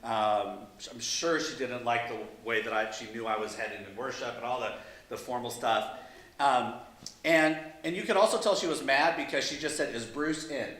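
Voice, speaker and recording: A man's voice: medium pitch, moderate pace, fairly bright tone. A man, a pastor, telling a humorous story at a church meeting, self-deprecating and chuckling through asides. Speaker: pastor and guest speaker. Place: large meeting hall. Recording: very echoey hall.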